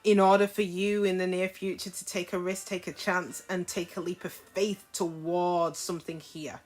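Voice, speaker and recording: A woman's voice: on the low side, level tone, normal speed, faint music behind. A woman giving a casual tarot reading to camera, frank and chatty, often checking in with her listeners. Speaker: tarot reader.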